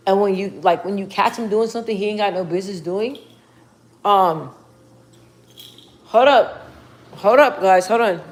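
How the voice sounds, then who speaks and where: A young woman chatting casually on a livestream, slangy and relaxed as she talks to her viewers and her dog. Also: medium pitch, normal speed, pauses often. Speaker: livestream host.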